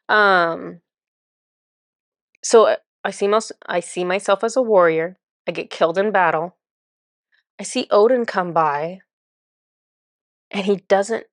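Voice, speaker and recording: A woman's voice: medium pitch, unhurried, pauses often, no room sound, clean studio sound. A woman telling a spiritual experience in casual first person, chatty and full of "like" and "um". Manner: chatty, says "like" and "um" often. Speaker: spiritual channeler.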